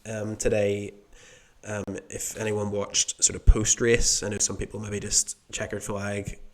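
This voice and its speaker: Flat, low-voiced British man chatting. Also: measured pace. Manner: meandering, thinks aloud while answering. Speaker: podcast co-host. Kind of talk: casual chat.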